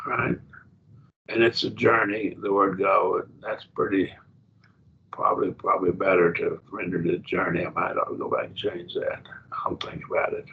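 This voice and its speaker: Male Bible teacher, gravelly, thinks aloud over Greek words; dull lo-fi class tape. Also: sits low, little pitch movement. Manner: explains Greek word by word, slow and thinking aloud. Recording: dull lo-fi classroom recording with faint noise.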